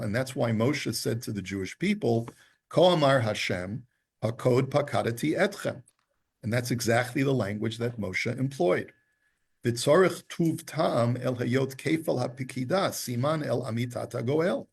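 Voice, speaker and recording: A man's voice: mid-range voice, creaky, breathy edge. A man teaching a Torah class, reading Hebrew passages aloud and then patiently explaining them.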